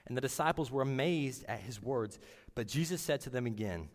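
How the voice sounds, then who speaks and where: A man giving a sermon in an earnest, halting way, often restarting his words. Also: medium pitch, big-room sound. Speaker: preacher.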